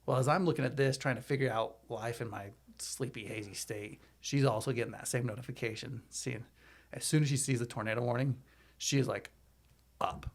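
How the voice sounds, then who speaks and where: Podcast guest, man, animated casual storyteller, middle-pitched. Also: a little fast. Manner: animated, chatty, lots of "like".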